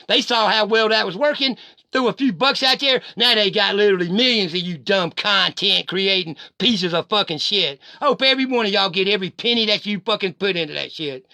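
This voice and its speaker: Middle-aged man, high bright voice, close and dry, cursing through a heated rant. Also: dry recording. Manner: profane, heated and confrontational. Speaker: vlogger. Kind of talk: angry direct-to-camera rant.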